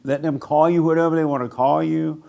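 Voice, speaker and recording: An older man preaching a blunt sermon to a small group, mocking people by acting them out in a higher voice. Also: fairly even intonation, fairly quick, vocal fry, dark tone. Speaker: pastor.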